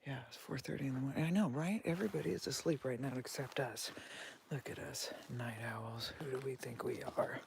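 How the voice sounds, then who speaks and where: A woman live-streaming a late-night walk, speaking in a hushed, giggly whisper outdoors in the woods on a phone. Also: a bass voice, expressive, fast, gravelly, few pauses, slight background noise.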